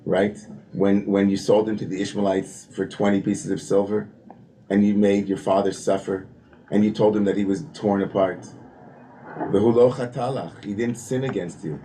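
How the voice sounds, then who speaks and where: Man, study leader at a service; warm, mellow voice; loose, chatty delivery with lots of asides; faint room ambience. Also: fairly low pitch, slight background noise. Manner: chatty, full of "you know" and "right?", reads Hebrew passages aloud then paraphrases. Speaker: teacher leading text study at a service. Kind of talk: conversational text-study teaching.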